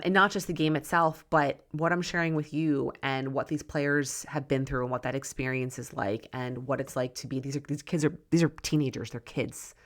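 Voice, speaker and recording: A woman in middle age hosts a solo coaching podcast, her voice sitting low. She talks earnestly and loosely, circling back on her points and checking in with her listeners with a frequent "right?". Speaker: podcast host and weight loss coach. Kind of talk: casual solo podcast monologue.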